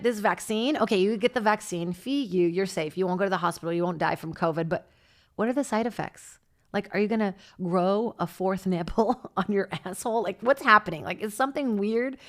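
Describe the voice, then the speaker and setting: A woman comedian from Brazil, podcast host, chatting in a rambling comedic monologue into a studio mic, swearing and jumping between topics. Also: mid-range voice. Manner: chatty, swearing, jumps between topics with sudden loud squawks. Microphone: studio mic on a stand.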